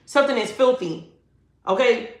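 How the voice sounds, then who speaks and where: A woman's voice: on the high side, lively intonation, moderate pace. A woman giving a livestreamed tarot reading. She is emphatic and slangy and repeats her phrases. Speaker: tarot reader. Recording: echoey room, faint noise.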